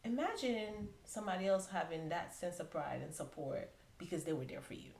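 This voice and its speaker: Woman, podcast host, halting with stammered restarts, lowish voice, roomy echo. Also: a little mellow. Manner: halting, stammered restarts while framing questions. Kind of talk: interview conversation. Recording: echoey room.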